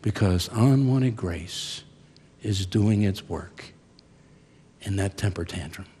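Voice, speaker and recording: A man in his sixties, a seminary professor, preaching a chapel sermon with dramatic swings from hushed to loud. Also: low voice, slightly rough. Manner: slow, deliberate preaching. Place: large chapel hall. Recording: long reverb of a large hall.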